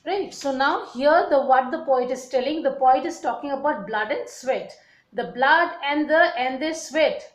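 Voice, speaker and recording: A woman teacher, explaining a poem to her class, halting often with fillers and restarts and checking in with "okay" and "right". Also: high voice. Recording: echoey room.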